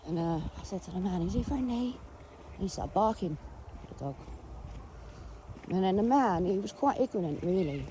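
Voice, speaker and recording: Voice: medium pitch, lively intonation, normal speed, pauses often, warm tone. A speaker with an English accent chatting casually while walking a dog outdoors, rambling through a story and talking to the dog in between. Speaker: dog owner vlogger. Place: outdoors on a rural walk. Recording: noisy outdoor recording with wind and traffic.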